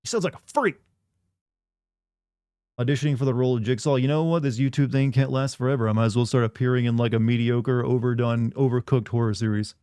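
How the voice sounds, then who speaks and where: A man's voice: medium pitch, fairly even intonation, fast talker, few pauses, dark tone, clean tone, no echo, studio quality. A man streaming a game, chatting casually with viewers in a rambling, sardonic way. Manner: rambling, sardonic, many "like" fillers.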